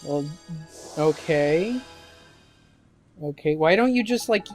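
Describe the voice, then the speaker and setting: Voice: mid-range voice, animated, slow, pauses often. A let's-play commentator tossing off sarcastic, joking remarks while playing. The tone is loose and casual, with game music faintly underneath.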